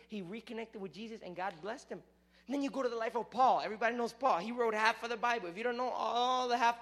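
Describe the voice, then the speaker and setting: A man with a very high voice preaches to a young crowd. His delivery is lively and animated, jumping from fervent, loud passages to quiet, hushed ones. He also drops in casual jokes to the people in front of him. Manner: casual, joking asides to the crowd. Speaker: youth preacher. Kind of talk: sermon.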